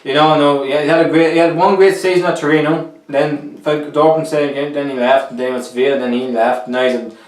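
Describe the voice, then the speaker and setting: A man's voice: on the high side, fairly even intonation, a little fast, few pauses, distant mic. A young man giving casual, opinionated football transfer commentary in a rambling, chatty way. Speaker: football vlogger. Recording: roomy echo, a little off the mic.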